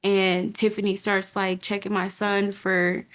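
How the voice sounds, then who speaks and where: A young woman gives an emotional personal account in an interview. She stumbles and repeats words as she goes, acting out what others said to her. Her voice sits in an ordinary middle pitch. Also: flat delivery. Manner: halting, repeats words, quotes others vividly. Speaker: guest telling her story.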